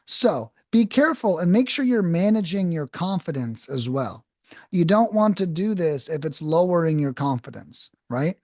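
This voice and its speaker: A man in his thirties gives a cold calling lesson in a direct, coaching manner, often pausing to ask "okay?". His voice sits a little high for a man and moves around a lot in pitch. The sound is close and dry, with no room echo. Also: big pitch swings, a little mellow. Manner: direct, coaching, frequent "okay?" check-ins. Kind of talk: casual instructional talk.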